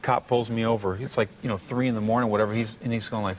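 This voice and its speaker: Animated American man telling a story. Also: mid-range voice, fast, few pauses, slight background noise. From United States. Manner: animated storyteller, acts out quoted voices, laughs often. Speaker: guest musician. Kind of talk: anecdotal talk-show storytelling.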